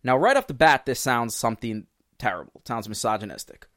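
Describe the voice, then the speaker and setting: Animated man co-hosting a podcast. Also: mid-range voice, a little fast, dry recording, clean studio sound. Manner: animated, explains with quoted voices. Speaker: podcast co-host. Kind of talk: casual religious discussion podcast.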